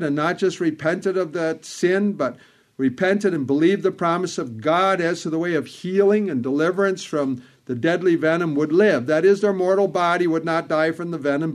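A man preaching a sermon, speaking in measured phrases, repeating words for emphasis and quoting old scripture wording. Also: a little high.

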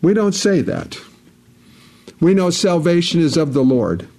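Emphatic high-voiced male preacher. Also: big pitch swings, measured pace, gravelly, darkish tone. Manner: emphatic, repetitive preaching with scripture quotes. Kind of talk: sermon.

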